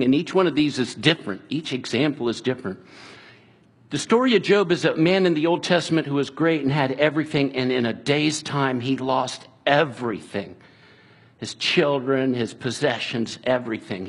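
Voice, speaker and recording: Guy preaching, slightly raspy voice, earnest, goes quiet and slow sometimes. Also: mid-range voice. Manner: earnest, conversational preaching with restarts and quiet, slowed passages. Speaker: pastor. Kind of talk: sermon.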